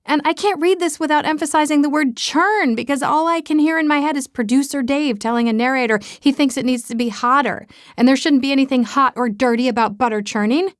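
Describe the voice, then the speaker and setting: A woman's voice: a little high, dry recording, studio quality. A woman narrating a romance audiobook in the first person, chatty and self-mocking.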